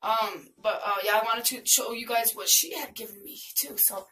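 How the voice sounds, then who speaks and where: An older woman vlogging casually at home, gushing and affectionate, her voice a little hoarse. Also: fairly high pitch, moderate pace, sharp tone. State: voice a bit off, hoarse. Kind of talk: casual vlog chat. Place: home, indoors. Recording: mic at a distance, faint noise.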